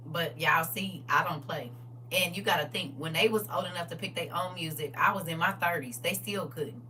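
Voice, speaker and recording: A woman's voice: on the low side, moderate pace, far from the mic, a little hiss or hum. A middle-aged woman hosting a live stream, chatting casually and laughing a lot. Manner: animated, laughing, exclaiming. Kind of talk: casual chat.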